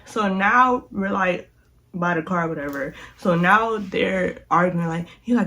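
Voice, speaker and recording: A young woman vlogger telling a storytime in a chatty, animated way, speaking straight to her viewers. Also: lowish voice, a little slow. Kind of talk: casual storytime.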